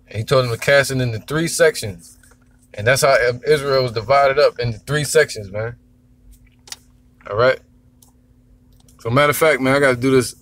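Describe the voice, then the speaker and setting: A man's voice: mid-range voice, moderate pace, pauses often, fairly bright tone. A man giving a casual, profane, rambling religious talk, teaching as he drives. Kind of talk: casual preaching monologue.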